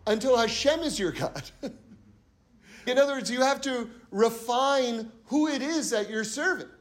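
High-voiced man giving a Torah talk. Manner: earnest, repeats points for emphasis, tells parables. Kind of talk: sermon-style Torah talk.

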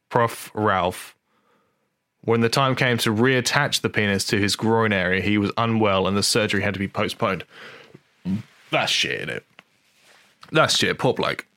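A man's voice: mid-range voice, fairly bright tone, dry recording, clean studio sound. A man hosting a podcast, reading a news story aloud in casual comic chat, wry and freely swearing, stumbling and rereading lines. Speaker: podcast host.

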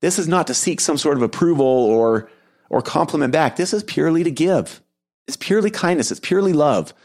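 Earnest man telling a gentle story. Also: a little high, lively intonation, fairly quick. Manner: earnest, gentle, with soft laughs. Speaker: podcast host and keynote speaker. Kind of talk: reflective storytelling monologue.

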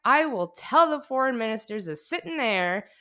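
Give me a woman playing a plastered, bombastic man rambling through a speech, high and loud. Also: expressive, moderate pace. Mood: drunk bombast. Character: drunk rambling male politician giving a loud speech.

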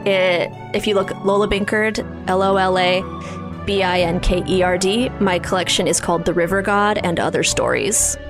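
Giggly woman guest with faint music. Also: mid-range voice. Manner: laughs often, quick and playful. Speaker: guest, horror writer. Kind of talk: casual chat.

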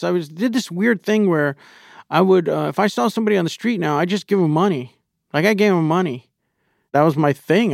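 A man's voice: on the high side, gravelly, no echo, studio quality. A man as an interview guest, telling a personal story candidly and with profanity, acting out his own inner thoughts.

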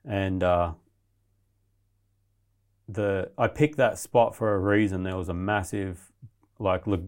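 A man's voice: low-pitched, fairly even intonation, slow. A man, a guest in an interview, telling a story in a blunt, rambling way with heavy swearing.

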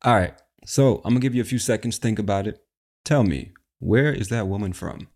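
A man's voice: lowish voice, fairly quick, a little mellow. A man with an American accent hosting an accent quiz podcast in laid-back, slangy, playful casual chat. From United States. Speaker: podcast host.

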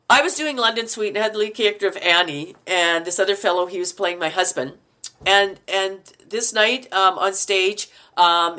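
Middle-aged canadian lady guest on a podcast, bright voice, swoops up and down a lot, laughs a bunch, acts out quotes. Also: mid-range voice. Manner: animated, laughs often, acts out quoted lines. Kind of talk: casual interview storytelling.

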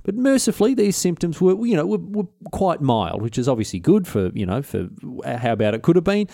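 A man's voice: on the high side, very animated, brisk, gravelly, mellow, no echo, clean studio sound. A man, hosting a podcast and telling history in a slangy, jokey, rambling way. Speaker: podcast host. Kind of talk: casual history storytelling.

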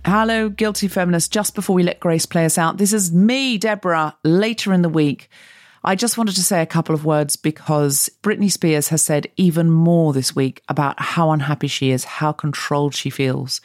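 Woman host, sincere and measured, dead dry close mic. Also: deep voice, darkish tone, dry recording. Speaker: podcast host. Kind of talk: earnest spoken message.

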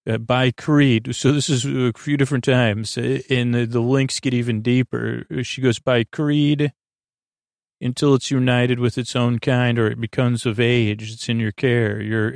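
Podcast host, male, gravelly fry, rambling filler-heavy recap, dry close sound. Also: medium pitch, no echo. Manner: rambling, many filler uhs, paraphrases scene dialogue loosely. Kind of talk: casual episode recap.

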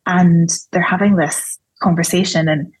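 A woman's voice: fairly low pitch, steady tone, measured pace, husky, dry recording, rough recording. A woman, a theologian guest on a podcast interview, explaining her ideas thoughtfully in a conversational way. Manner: thoughtful, explanatory, with light laughs.

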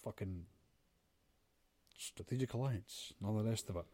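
A man's voice: fairly low pitch, moderate pace, mellow, no echo. A man co-hosting a casual podcast chat, blunt and sweary, ranting with plenty of filler. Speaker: podcast co-host.

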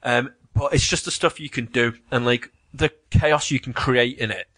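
A man in casual chat about video games, an animated storyteller who swears and mimics voices. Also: mid-range voice, normal speed, dry recording.

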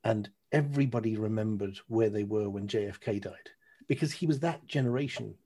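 A middle-aged man chatting as a podcast guest, telling lively anecdotes and swearing freely. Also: fairly low pitch, brisk. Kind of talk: casual chat.

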